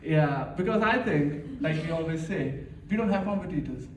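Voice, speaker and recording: Young man, high voice, self-mocking comic at an office party; echoey room, mic at a distance. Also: lively intonation, moderate pace, a little mellow, a little hiss or hum. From India. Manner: chatty, self-mocking, laughs at his own jokes. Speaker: stand-up comedian at a work party. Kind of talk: stand-up comedy set.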